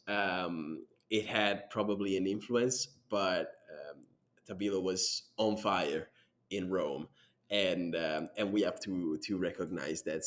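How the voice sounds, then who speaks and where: Hesitant man, low voice, casual. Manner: hesitant, many "um"s and restarts. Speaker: podcast host. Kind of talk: casual chat.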